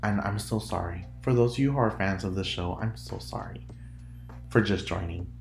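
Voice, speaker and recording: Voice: sits low, moderate pace, vocal fry, roomy sound, faint music behind. A podcast host from the United States chatting casually and rambling, often breaking off to giggle. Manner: rambling, giggly, self-interrupting. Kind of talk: casual solo podcast chat.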